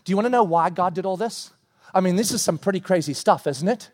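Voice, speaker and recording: Male pastor, high voice, lively sermon delivery, long hall reverb. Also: quick pace. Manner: animated preaching, voices God and himself, shouts at peaks.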